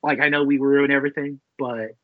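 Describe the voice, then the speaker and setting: A man co-hosting a podcast in casual chat, excitable and swearing freely, with lots of fillers. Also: mid-range voice, a little fast, no echo. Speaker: podcast co-host. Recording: dull lo-fi sound, dry.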